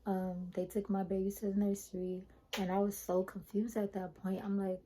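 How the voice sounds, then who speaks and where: Mellow-voiced young woman telling a story. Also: medium pitch, moderate pace, a little hiss or hum, poor audio. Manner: chatty, addresses viewers as "y'all", animated retelling. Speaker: vlogger. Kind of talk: casual storytime vlog.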